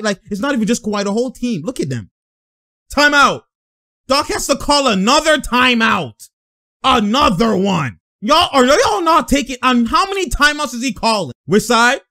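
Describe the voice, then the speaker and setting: A man's voice: very high-pitched, big pitch swings, normal speed, pushed and bright. A man hosting his own show, giving exasperated, slang-heavy commentary as he breaks down game footage, with frequent exclamations. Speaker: host. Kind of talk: sports film breakdown commentary.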